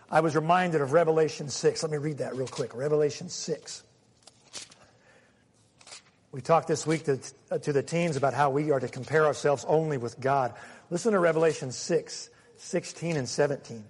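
A high-voiced man preaches a sermon in a lively, animated way, now and then acting out quoted voices. His voice carries a long reverb from a large hall. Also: normal speed, breathy edge. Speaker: pastor.

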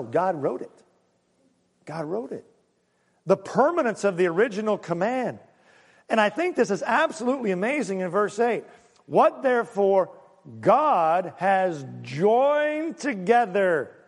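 A man preaches in a high, bright voice that leaps up and down with emphasis. He jokes with his congregation and hammers his points with repetition. The sound rings with the long reverb of a church hall. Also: moderate pace, slightly rough. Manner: lively, joking, emphatic preaching with audience asides. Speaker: pastor. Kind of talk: sermon. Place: church sanctuary.

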